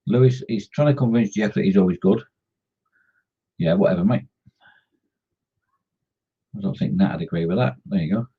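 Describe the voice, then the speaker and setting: A man's voice: on the low side, normal speed, pauses often, mellow, breathy edge, dull audio. A man chatting casually on a scale-modelling live stream, greeting viewers by name and joking as he works.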